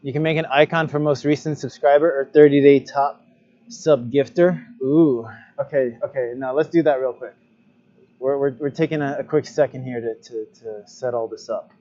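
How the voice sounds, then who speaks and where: A man's voice: mid-range voice, steady tone, normal speed, mellow, highs cut off. A man chatting casually during his own live stream as a glassblower, thinking aloud while he adjusts his stream settings. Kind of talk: casual livestream chat.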